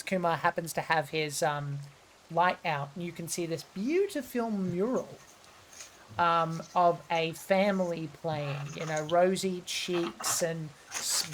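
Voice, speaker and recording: Gm lady narrating a tabletop game, kinda low voice, lots of ums. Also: a little hiss or hum. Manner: relaxed, hesitant, many ums. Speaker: game master.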